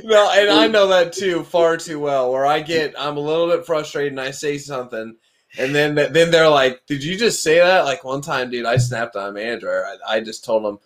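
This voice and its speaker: A man's voice: a little high, normal speed. A man hosting a podcast, chatting in a laid-back, slangy way with plenty of profanity. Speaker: podcast host. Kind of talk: casual conversation. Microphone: livestream podcast mic.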